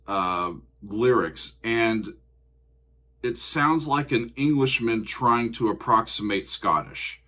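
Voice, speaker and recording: A man's voice: mid-range voice, fairly bright tone. A man, hosting a casual music reaction video, chatty and joking, often laughing.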